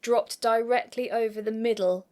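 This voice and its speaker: A woman's voice: fairly high pitch, fairly even intonation, normal speed, darkish tone. A woman co-hosting a podcast, chatting casually in a dry, matter-of-fact way as she recaps a TV episode. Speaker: podcast co-host.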